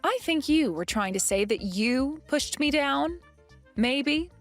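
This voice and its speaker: A woman's voice: high-pitched, animated, slow, faint music behind, heavily acted. A woman voicing a young pregnant wife who firmly confronts her mother-in-law in a dramatized text-message story. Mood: accusing. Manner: firm, demanding answers.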